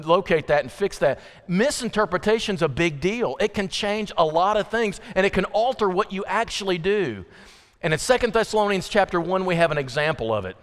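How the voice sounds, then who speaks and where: A middle-aged man preaches in a church, his voice set high for a man and smooth and resonant. He talks in a relaxed, storytelling way and slips into acted asides. A long reverb trails his words through the hall. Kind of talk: sermon. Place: church sanctuary.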